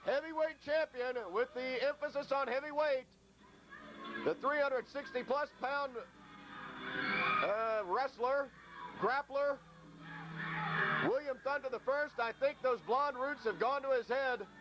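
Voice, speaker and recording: A hoarse man calling live play-by-play at a wrestling show, drifting into rambling asides full of fillers between the calls. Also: extremely high pitch, slow pace, long pauses, very noisy. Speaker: wrestling commentator. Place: ringside at a local wrestling show.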